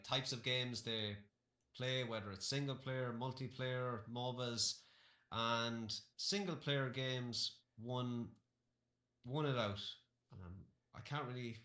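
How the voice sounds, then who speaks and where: A man co-hosting a gaming podcast, chatting in a relaxed, joking way. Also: medium pitch, roomy sound. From Ireland. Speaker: podcast co-host. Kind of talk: casual chat.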